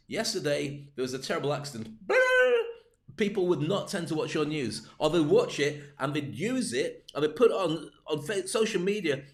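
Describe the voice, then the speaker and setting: A man coaching on public speaking in a livestreamed talk, full of joking, rambling asides. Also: on the high side.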